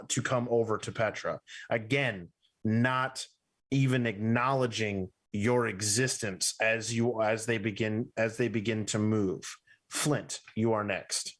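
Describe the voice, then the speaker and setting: A man narrating a tabletop game as its game master, describing scenes slowly and deliberately. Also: mid-range voice, a bit bright.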